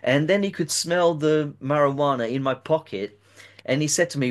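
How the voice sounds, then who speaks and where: A man's voice: on the high side, moderate pace. Hesitant man telling a personal story. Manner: hesitant, often repeats words and restarts. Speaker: interviewer. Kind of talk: recounting a personal story in an interview.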